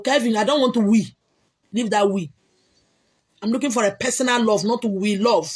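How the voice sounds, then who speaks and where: Husky Nigerian woman, emphatic livestream chat. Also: on the high side, normal speed, pauses often. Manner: emphatic, repetitive, bursts of loud exclamation. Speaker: livestream host answering comments. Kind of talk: casual chat.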